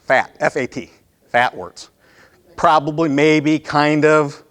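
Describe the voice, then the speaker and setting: A man's voice: fairly high pitch, steady tone, takes it slowly, fairly bright tone. A man with a Midwest American accent running a live sales training session, talking conversationally and often checking in with the room.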